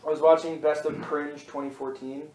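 A man's voice: fairly high pitch, level tone, moderate pace, darkish tone, a little hiss or hum. Rambling young guy in an echoey room. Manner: rambling, laughing storyteller. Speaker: podcast co-host. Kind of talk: casual chat.

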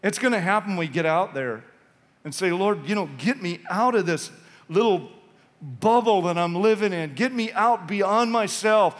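A man's voice: high voice, normal speed. A male pastor preaching an impassioned, urgent sermon in a church sanctuary. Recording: long reverb of a church hall.

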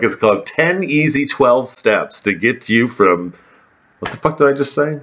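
A man rambles through a sardonic comic monologue, swearing casually and changing course mid-thought. His voice sits fairly low. The recording is dull and lo-fi. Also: a little slow, fairly bright tone. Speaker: comedian.

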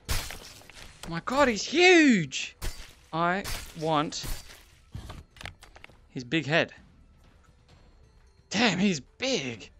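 Excitable high, lively male gamer. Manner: excitable, exclaiming and gasping while playing. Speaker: gaming YouTuber. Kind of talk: VR gameplay commentary.

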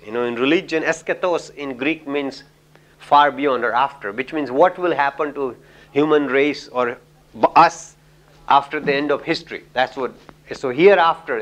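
A man's voice: medium pitch, fairly bright tone. A middle-aged man from India giving a lecture on communication, telling anecdotes in a chatty way with many "you know"s and laughs.

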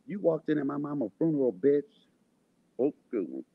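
A man in a heated, profane vlog rant, insulting people, swinging between loud outbursts and quiet asides, with a husky voice. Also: on the high side, animated, fairly quick, no echo, narrow, tinny audio. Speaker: vlogger. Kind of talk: angry profane rant to camera.

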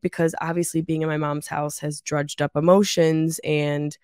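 A woman in her thirties hosting her own podcast with a stuffy nose from a cold, chatting in a lively, swearing, joking way from her mother's house on a travel mic. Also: sits low, moderate pace, clear, resonant tone, no room sound, clean studio sound. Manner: animated, swearing, laughing storyteller. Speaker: podcast host. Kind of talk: casual solo podcast chat. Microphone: travel mic without pop filter.

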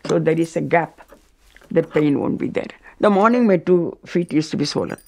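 An older woman with an Indian English accent, telling a personal testimony in a lively storytelling manner and acting out others' words. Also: low-pitched, normal speed, gravelly. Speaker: devotee sharing a testimony.

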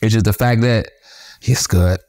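A man being interviewed, telling stories in rapid, animated, profane street talk full of restarts. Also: fairly low pitch. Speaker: interview guest. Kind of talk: casual storytelling interview.

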